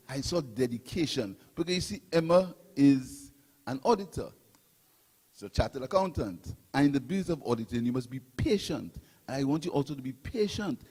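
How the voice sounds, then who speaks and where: Saint lucian guy giving a fired-up political speech, husky voice, big long echo from the pa. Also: medium pitch, lively intonation, a little fast, darkish tone. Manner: impassioned, repetitive oratory with rising and falling emphasis. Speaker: political guest speaker.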